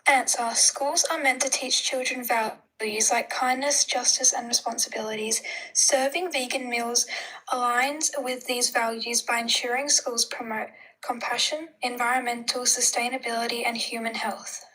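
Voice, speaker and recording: A woman's voice: on the high side, steady tone, normal speed, bright, forceful tone, poor audio. A nineteen-year-old woman, a guest on a live stream, reading a prepared answer aloud carefully and a little hesitantly. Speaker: livestream guest.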